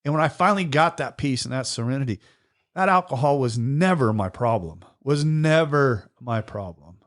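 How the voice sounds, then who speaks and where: A man's voice: mid-range voice, moderate pace. A man hosting a podcast, telling his story in casual chat. He talks bluntly, swears freely and gets emotional. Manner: blunt and profane, animated storytelling. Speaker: podcast host in recovery.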